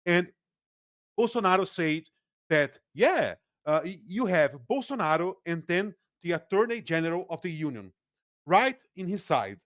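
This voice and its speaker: On a relaxed podcast, a guest political analyst from Brazil speaks with a Brazilian accent, Portuguese being his native tongue. His high-pitched voice is lively and full of laughter, and he keeps starting sentences over. The sound is dry and studio-clean.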